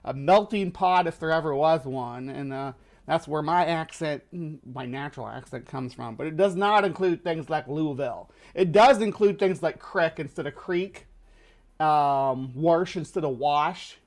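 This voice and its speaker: A man with a lower Midwestern accent hosts a show, giving casual commentary as he reacts to a video, rambling with many fillers and restarts. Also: a little slow. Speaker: host.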